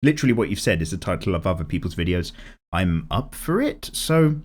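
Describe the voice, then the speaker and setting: A man's voice: sits low, fairly quick, slight background noise. A man in his thirties hosting an art channel, chatting casually through viewer comments with a slightly strained, cracking voice and free swearing. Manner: chatty and lively, swears freely. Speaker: YouTube art channel host.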